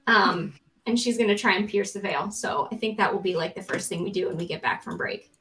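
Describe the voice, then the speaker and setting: A woman's voice: medium pitch, fairly quick, a bit bright, faint music behind, rough recording. A woman player in a tabletop game, talking casually and rambling with fillers. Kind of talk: casual chat.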